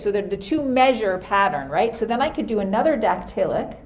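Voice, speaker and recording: A woman's voice: mid-range voice, lively intonation, normal speed, few pauses. Woman music teacher, casual think-aloud lesson, computer mic. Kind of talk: screen-recorded lesson. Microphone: computer mic for a screen recording.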